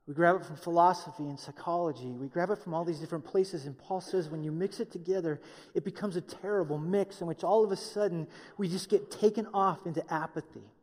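A man preaching a sermon in an animated way, acting out the voices of others with jokey asides. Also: fairly high pitch, fairly quick, long reverb tail. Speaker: pastor.

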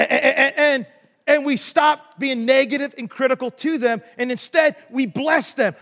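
A man's voice: extremely high pitch, fairly bright tone, long reverb tail. A man preaching a sermon as pastor, telling stories and asking the congregation questions. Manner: storytelling, asks the congregation questions.

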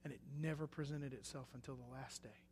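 A man's voice: mid-range voice, a little fast, breathy edge. Preacher man in an echoey hall. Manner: swings from loud emphatic bursts to hushed quiet lines. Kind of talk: sermon testimony.

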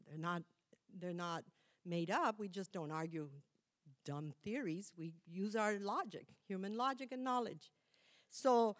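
A middle-aged woman gives a sermon in an easy, conversational way. She corrects herself mid-sentence and laughs at her own slips. Her voice sits at a medium pitch. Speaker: preacher.

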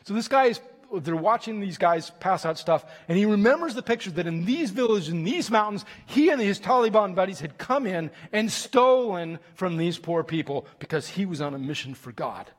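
A man preaching a sermon with stories, animated and emphatic, with fillers and restarts. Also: sits high, normal speed. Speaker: visiting preacher from a mission group. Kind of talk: sermon with storytelling. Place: church sanctuary. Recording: long reverb of a large room.

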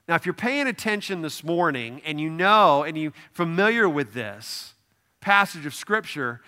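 Male pastor, sermon, high voice, bright tone, talks straight to the congregation. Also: clear, resonant tone. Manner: conversational, asks the congregation questions; emphatic, repeats "no, no, no".

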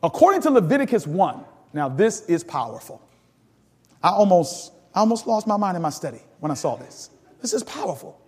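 A high-pitched male pastor leads a teaching sermon, calling out to the congregation for answers and amens. His voice rings with a long church-hall reverb as he laughs and climbs into sudden emphatic peaks. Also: brisk, husky. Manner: animated, call-and-response preaching with laughter and sudden emphatic rises.

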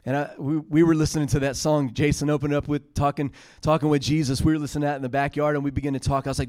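A man's voice: a little high, flat delivery, rapid-fire, few pauses, darkish tone, no room sound. A man preaching a sermon, retelling scripture in casual paraphrase and building to emphatic peaks.

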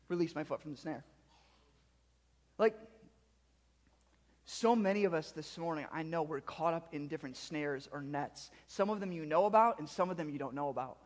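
A pastor preaching a sermon and talking with his congregation. He moves from quiet reflection to loud, emphatic preaching. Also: fairly high pitch, moderate pace, long reverb tail. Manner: interacts with the congregation.

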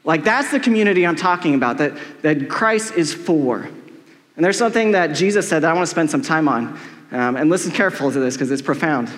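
Middle-aged male pastor, high voice, chatty and joking sermon, echoey hall. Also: expressive, a little fast, a bit bright. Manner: casual, joking, heavy use of "like". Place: church hall with long reverb. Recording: echoey church hall with long reverb.

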